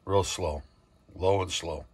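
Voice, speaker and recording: A man's voice: sits low, steady tone, takes it slowly, husky. An older man hosting a casual cooking demonstration, talking in a rambling, folksy way full of fillers and restarts. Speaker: cooking show host.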